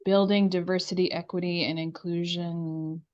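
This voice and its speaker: A woman's voice: fairly low pitch, flat delivery, moderate pace, a little mellow. A woman on a video call in a remote town meeting, explaining things at length with many fillers. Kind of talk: remote public meeting discussion. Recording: muffled video-call audio.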